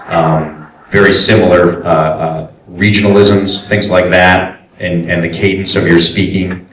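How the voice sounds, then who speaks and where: Speaking in a big, echoing convention hall, a man from Brooklyn, New York leads a voice acting panel, explaining things in a chatty style packed with fillers. His voice is low-pitched and a bit bright, and it sounds distant in the reverberant room.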